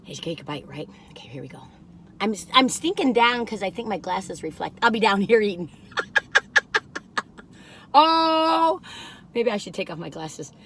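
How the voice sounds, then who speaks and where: A woman chatting casually as she reviews food, rambling and digressive, gushing with excitement and laughing often. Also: mid-range voice, normal speed, pauses often, slight background noise. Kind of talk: casual chat.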